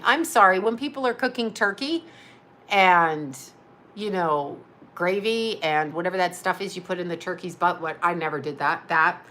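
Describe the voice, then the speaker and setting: A woman's voice: on the low side, moderate pace, pushed and bright. A middle-aged woman rambling through a casual storytelling monologue as host, chatty, laughing often and acting out what others said.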